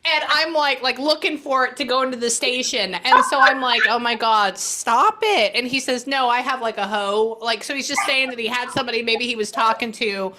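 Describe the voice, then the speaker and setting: A woman psychic medium giving a casual reading, animated and blunt, swearing freely as she relays messages. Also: fairly high pitch, fairly quick, few pauses, very noisy.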